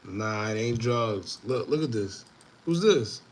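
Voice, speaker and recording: Animated man talking to viewers. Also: fairly low pitch, slow pace. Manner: animated, repetitive, laughing asides. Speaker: show host. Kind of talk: casual commentary to viewers.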